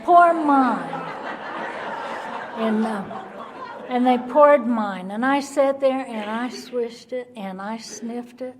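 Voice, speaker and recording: A woman giving her Al-Anon recovery testimony, telling her story in an animated way and acting out the people in it. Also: a little high, slow, some chatter behind. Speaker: Al-Anon speaker.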